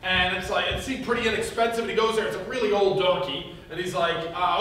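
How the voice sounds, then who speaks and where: High-voiced pastor in an echoey hall. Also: male voice, fairly even intonation, fast talker, few pauses, pushed and bright. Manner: conversational, rambling with fillers and restarts, chuckles while telling a joke. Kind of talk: casual sermon. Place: church hall. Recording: echoey hall from far off, faint noise.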